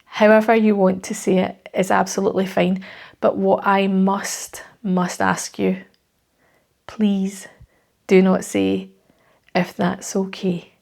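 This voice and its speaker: Gravelly-voiced Scottish woman coaching. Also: medium pitch, flat delivery, normal speed, a little mellow. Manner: conversational and reassuring, with tag questions. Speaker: life coach. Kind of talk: direct-to-camera coaching talk.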